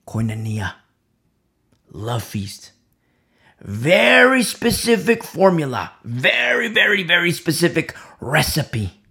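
A man preaching a verse-by-verse sermon who swings from loud emphasis to hushed whispers and repeats key phrases for weight. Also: mid-range voice, vocal fry. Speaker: preacher leading a Bible study.

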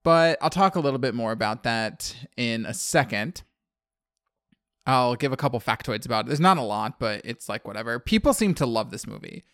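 A man's voice: medium pitch, lively intonation, moderate pace, fairly bright tone, no room sound, clean studio sound. A man co-hosting a casual horror podcast, talking in a rambling way and often correcting himself mid-sentence. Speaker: podcast co-host.

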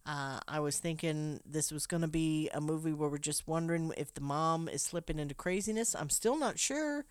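A woman's voice: low-pitched, moderate pace, few pauses, clear, resonant tone, dry recording. A woman recapping a film plot for a podcast, telling the story with joking asides. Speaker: podcast co-host. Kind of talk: movie plot recap and casual chat.

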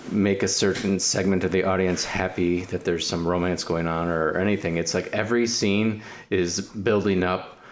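A man's voice: sits low, steady tone, normal speed, few pauses, a little hiss or hum. A man who is a doctor, co-hosting a casual film podcast and thinking aloud in winding, restarting sentences.

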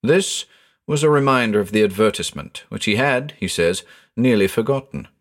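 A man narrating a ghost story in a measured, expressive reading. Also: fairly low pitch.

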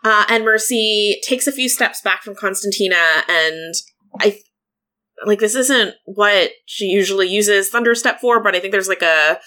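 A woman's voice: medium pitch, a little slow, bright, forceful tone. A woman playing a tabletop game, hesitant and thinking aloud as she narrates her character. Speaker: player. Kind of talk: tabletop role-play.

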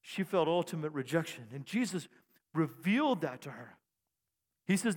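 High-pitched preaching pastor in a reverberant hall. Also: male voice, moderate pace. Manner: animated preaching with bursts of shouting. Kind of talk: sermon. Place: church sanctuary. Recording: long reverb in a church hall.

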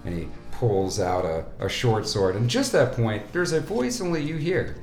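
A man narrating a tabletop game as game master, in a dramatic, lively way. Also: medium pitch, moderate pace. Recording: echoey room with faint music.

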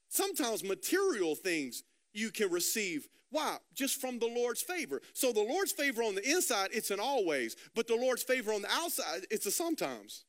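A male pastor gives a sermon in a high, bright, forward voice. He tells casual stories and acts out the people in them, repeating words along the way. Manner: storytelling with quoted dialogue, repeats words.

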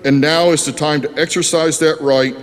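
A man with a fairly high voice gives impassioned testimony, building repeated rhetorical lines. The sound carries a long reverb from the hearing room. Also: fairly even intonation, moderate pace, smooth. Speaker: public commenter at a legislative hearing. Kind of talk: public testimony.

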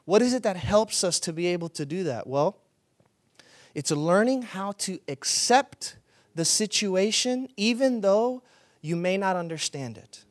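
A man preaching a sermon with an earnest, conversational delivery that turns animated when he tells stories. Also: high voice, measured pace, dry recording. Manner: animated storytelling, rising to loud excited retelling. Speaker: pastor.

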